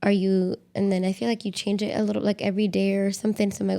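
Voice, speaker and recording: Young woman, podcast co-host, casual rambling talk, creaky voice. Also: mid-range voice, level tone, quick pace, mellow. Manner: chatty, rambling, lots of "like". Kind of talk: casual conversation with partner.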